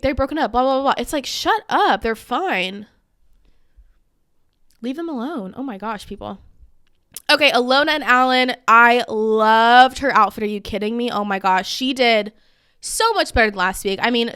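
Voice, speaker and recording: Bright, crisp young woman gossip host. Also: fairly high pitch, no echo, studio quality. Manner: gossipy, opinionated, lots of "like" and "um". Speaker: podcast host. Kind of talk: casual chat.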